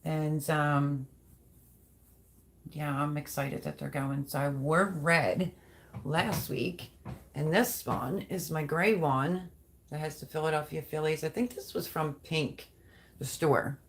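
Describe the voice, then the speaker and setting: A woman's voice: deep voice, slow, slight background noise. A middle-aged woman hosting a casual livestream, chatting and reading out viewer comments in a rambling, talkative way. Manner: chatty, rambling, thinks aloud.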